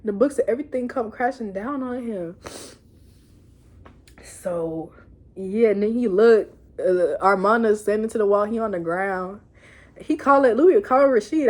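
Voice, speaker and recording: A young woman giving a casual, animated recap of a TV episode, laughing and cursing as she tells it. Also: medium pitch, moderate pace. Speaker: show reviewer. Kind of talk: casual chat video review.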